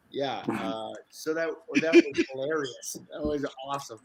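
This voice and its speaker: Brief: man from Canada, guest actor, mid pitch, animated and profane storyteller. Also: unhurried, gravelly, hardly any pauses, rough recording. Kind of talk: casual interview storytelling.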